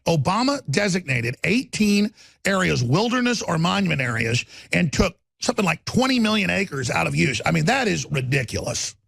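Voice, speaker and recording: A man's voice: sits high, vocal fry, a bit bright, husky, no echo. A man hosting a talk show, delivering a rambling, impassioned monologue into a studio microphone.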